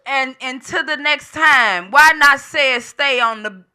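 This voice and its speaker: A woman's voice: high voice, slow, pushed and bright. A woman co-hosting a live call-in show in casual chat, playful and teasing, laughing often. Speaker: co-host.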